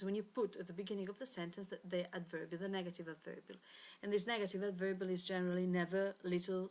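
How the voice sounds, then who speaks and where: A woman, an English teacher giving a recorded grammar lesson, pausing often and correcting herself as she explains. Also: mid-range voice. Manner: hesitant, frequent fillers and self-corrections.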